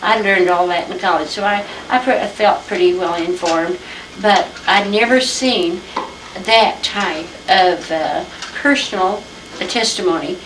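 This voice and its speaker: Older woman, unhurried chatty storyteller; distant mic in a roomy home. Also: medium pitch, background noise. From Iowa, USA. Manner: unhurried, chatty, acts out old conversations. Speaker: interviewee telling family history. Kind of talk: reminiscing storytelling.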